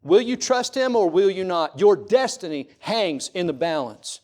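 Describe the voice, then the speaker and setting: Speaking at normal speed with few pauses, a high-pitched middle-aged pastor with lively intonation preaches a sermon, using repeated rhetorical questions and swinging between loud and hushed lines.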